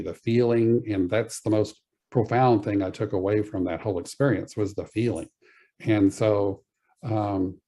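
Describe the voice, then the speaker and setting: A man telling a personal spiritual story as a podcast guest, earnest and halting, with many pauses and fillers. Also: fairly low pitch, mellow, husky.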